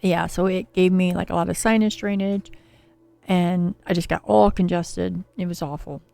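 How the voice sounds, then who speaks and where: A woman's voice: lowish voice, steady tone, normal speed, gravelly, dark tone, soft background music. A woman hosting a casual tarot livestream, talking with viewers in a soothing, chatty way, her voice a little scratchy from a cold. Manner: soothing, chatty, reads viewer names and card meanings. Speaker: tarot reader and livestream host.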